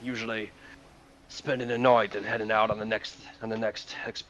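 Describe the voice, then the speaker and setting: A man playing a tabletop game, speaking in character in a relaxed, rambling way. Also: lowish voice, normal speed. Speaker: player. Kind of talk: in-character role-play. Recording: dull mic with faint noise.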